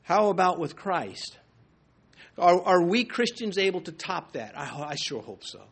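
A man delivering a sermon with earnest conviction. His voice sits a little high for a man, and he builds through emphatic repeated phrases, now and then pausing mid-thought to start again. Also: expressive, creaky, breathy edge. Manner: earnest, rises to emphatic repetitions. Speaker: preacher.

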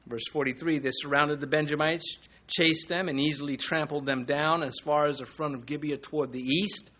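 A man's voice: on the high side, steady tone, normal speed, sharp tone. A middle-aged man teaching through a Bible passage verse by verse, reading scripture aloud and commenting in a conversational way with fillers and small chuckles.

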